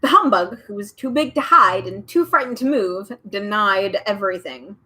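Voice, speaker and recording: A woman's voice: medium pitch, expressive, moderate pace, pushed and bright, poor audio. A woman reading a children's book aloud at home, with chatty, bubbly asides. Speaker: storyteller.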